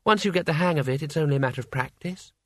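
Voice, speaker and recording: A man's voice: fairly high pitch, very fast, fairly bright tone, no room sound, clean studio sound. A man doing a placid old monk. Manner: placid, pleasant, chatty. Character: old, tiny, cheerful reincarnating monk.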